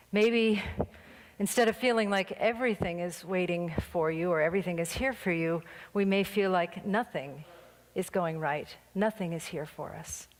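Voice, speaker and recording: A woman's voice: fairly low pitch, moderate pace. A woman minister giving a conversational sermon, full of anecdotes and light laughter, in a church sanctuary. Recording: long reverb of a church hall.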